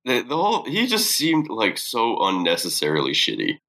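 Bright ranting man with a lively voice. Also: on the low side, normal speed, creaky, poor audio. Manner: swearing, ranting with a stutter of restarts. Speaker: podcast co-host. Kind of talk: casual chat reviewing a film.

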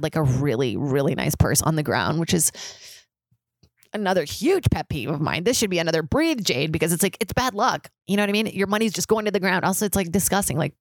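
Young woman, low gravelly voice, dry close sound, casual swearing monologue. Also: expressive, quick pace, no room sound. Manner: chatty, swearing, frequent "like"; mimics others in high squealing voices. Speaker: podcast host.

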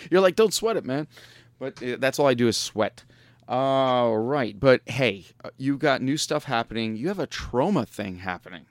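A man's voice: mid-range voice, expressive, normal speed, no room sound. Joking man hosting a radio show. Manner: joking, laughs often. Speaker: podcast host. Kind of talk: casual chat.

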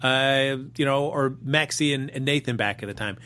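Measured man co-hosting a chat. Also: medium pitch, bright, forceful tone. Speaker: co-host. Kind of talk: casual chat.

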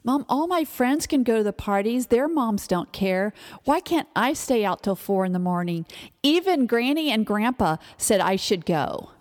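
A woman voicing a pushy, manipulative teenage girl, talking in a quick, insistent, whiny way, with long hall reverb. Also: a little high, lively intonation, close to an everyday voice. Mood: demanding.

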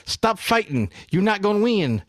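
A man hosting a podcast in casual chat, retelling a story in an animated way and acting out the quotes. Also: high-pitched, moderate pace. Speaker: podcast host.

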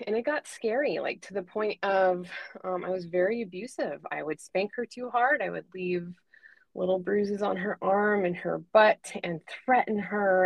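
A woman's voice: mid-range voice, dry recording, low-quality recording. Earnest woman telling her story. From United States. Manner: earnest, frequent ums and self-corrections. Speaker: podcast guest, life coach for moms. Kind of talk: candid personal storytelling.

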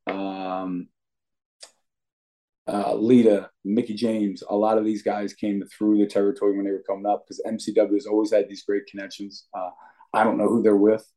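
A young adult male wrestler appears as a guest on a podcast interview, talking in a brash, cocky, trash-talking way. His voice is lowish with a dark tone.

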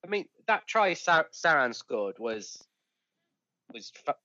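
A man chatting about rugby on a podcast in a relaxed, hesitant way. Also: a little high, takes it slowly, a little hiss or hum. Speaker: podcast co-host. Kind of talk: casual sports chat. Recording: dry, dull lo-fi sound.

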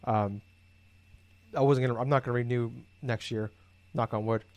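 A man's voice: medium pitch, normal speed, no echo. A man in casual conversation, telling rambling everyday stories with lots of swearing and filler words. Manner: rambling, profane, animated storytelling. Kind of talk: casual chat.

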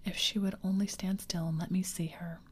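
A woman's voice: on the low side, level tone, a little fast. A woman whispering the part of a sheltered, admiring young girl full of wonder, in a whispered role-play. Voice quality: breathy whisper. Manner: wondering, earnest.

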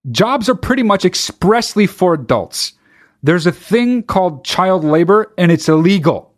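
Dude reading an article and roasting it, lots of swearing, voice jumps all over, kinda high. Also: male voice, big pitch swings, measured pace. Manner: sarcastic, profane, incredulous. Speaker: show host. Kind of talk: comedic commentary reacting to an article.

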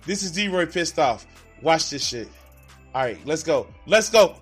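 A man's voice: a little high, animated, unhurried, slightly rough, soft background music. A man streaming and reacting to clips in casual, heated, profane chat, often laughing.

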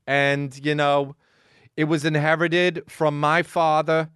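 A man riffing profanely on a comedic rant, animated and joking. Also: a little high, slow, clean tone, dry recording, clean studio sound.

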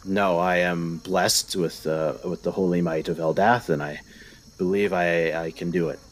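A man with a very deep voice playing an earnest young would-be paladin who speaks with halting sincerity. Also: fairly even intonation.

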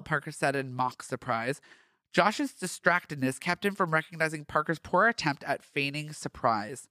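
A man's voice: a little high, big pitch swings, measured pace, bright, forceful tone, dry recording, clean studio sound. A man hosting a podcast who reads his own fan fiction aloud, breaking off for campy, gushing, self-mocking asides. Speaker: podcast host.

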